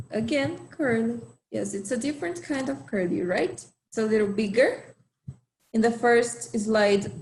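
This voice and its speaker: A woman teaching an online language lesson, explaining slowly and patiently with lots of repetition. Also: medium pitch, darkish tone, slight background noise. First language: Portuguese. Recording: echoey room.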